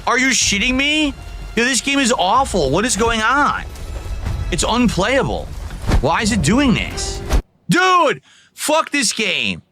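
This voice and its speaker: A man's voice: extremely high pitch, huge pitch swings, slow pace, sharp tone, soft background music. A man playing a video game, who swears and complains in exasperation as it keeps failing him. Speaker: gamer in a played video. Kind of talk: frustrated gameplay commentary.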